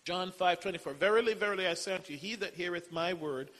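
A man's voice: sits high, fast talker, a bit bright. A man preaching a sermon, emphatic, quoting scripture and punctuating with amen. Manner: emphatic, repeats phrases and says amen often; quotes scripture in old-style wording. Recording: long hall reverb.

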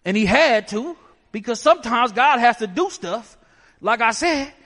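High-voiced man preaching in a reverberant hall. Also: animated, normal speed, fairly bright tone. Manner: emphatic preaching with rhetorical questions. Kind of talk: sermon.

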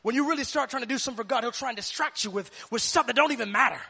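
High, gravelly-voiced fervent preacher man. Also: very fast, bright, forceful tone. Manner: fervent, repetitive preaching cadence. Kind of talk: sermon.

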